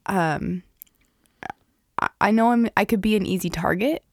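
A woman's voice: mid-range voice, moderate pace, no echo, clean studio sound. A woman in casual chat who reacts a lot and restarts her sentences often. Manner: reactive, many short backchannels and restarts.

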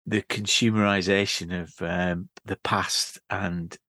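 A man's voice: low-pitched, fairly even intonation, slow pace, pushed and bright, dry recording. A man discussing a book on a podcast, thinking aloud with many fillers and restarts. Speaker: podcast co-host.

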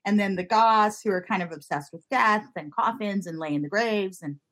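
A woman's voice: mid-range voice, moderate pace, a bit bright. A woman interviewing an author in a casual, rambling way, laughing often and gushing about the book. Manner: giggly, rambling, enthusiastic.

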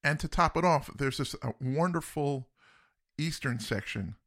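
A man's voice: on the high side, lively intonation, unhurried, a bit bright. A man co-hosting a podcast, chatting eagerly about music and laughing often. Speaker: podcast co-host. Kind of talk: casual music discussion.

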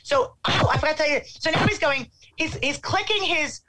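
A middle-aged woman telling a casual anecdote in an animated way, acting out what people said. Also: sits high, a little fast, noisy background. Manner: animated, acts out quotes.

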